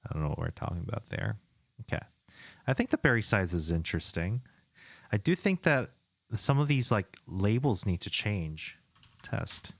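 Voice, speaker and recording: A man's voice: on the low side, sing-song, normal speed, dry recording. A man streaming his indie game development, chatting casually, muttering to himself and reading viewer chat aloud while he works.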